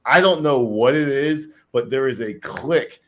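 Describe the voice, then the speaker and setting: A man's voice: medium pitch, unhurried. Rambling man from New Jersey. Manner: rambling, animated, repeats himself. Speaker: co-host. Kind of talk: casual livestream chat.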